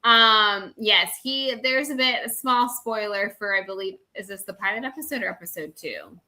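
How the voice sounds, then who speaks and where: Bright, gushing woman co-host. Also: mid-range voice, moderate pace. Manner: gushing and animated, frequent laughs. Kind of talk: casual chat.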